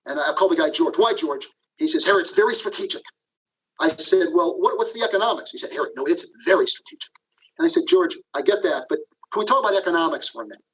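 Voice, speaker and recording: High-voiced animated man telling stories. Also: fast talker, a little hiss or hum, rough recording. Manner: animated, acts out quotes, frequent "okay?" asides. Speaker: guest, leadership professor. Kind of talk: podcast interview, storytelling.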